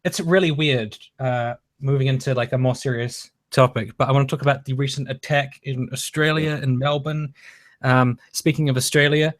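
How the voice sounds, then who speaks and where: A man's voice: mid-range voice, steady tone, normal speed. A man hosting a casual livestream chat, easygoing and rambling. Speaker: host.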